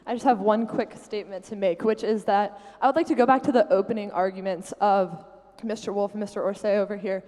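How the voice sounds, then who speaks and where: A woman's voice: medium pitch, fairly even intonation, brisk, few pauses, mellow. A woman giving a short debate floor speech, precise and emphatic. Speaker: student debate speaker. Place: university hall. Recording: long hall reverb.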